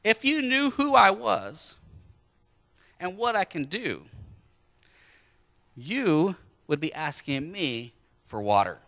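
A preacher giving voice to a calm, patient Jesus from a Bible story, speaking in a slow, measured way. He explains gently, and his voice stays bright and fairly high. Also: gravelly, full character voice. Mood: earnest.

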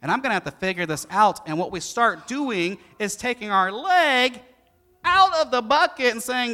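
A middle-aged man delivers a sermon in a high, bright voice. His preaching is animated and rises to loud peaks, then drops to quiet, hushed lines. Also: moderate pace. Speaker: pastor.

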